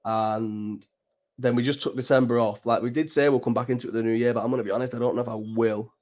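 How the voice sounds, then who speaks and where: A man's voice: medium pitch, steady tone, fast, a little mellow. A young man from England hosting a late-night livestream, chatting in a loose, sweary, rambling way with many restarts. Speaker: livestream host. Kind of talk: casual chat.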